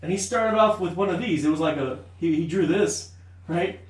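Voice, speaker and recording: Animated storytelling man, echoey room. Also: fairly high pitch, normal speed. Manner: animated, profane, laughs often. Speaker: podcast co-host. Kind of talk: casual storytelling. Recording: echoey room, a bit off-mic, faint hiss.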